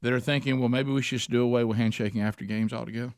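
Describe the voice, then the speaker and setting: A man's voice: medium pitch, fairly even intonation, racing, no echo, studio quality. Chatty male radio host. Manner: chatty, laughing, jokey. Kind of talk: casual radio banter.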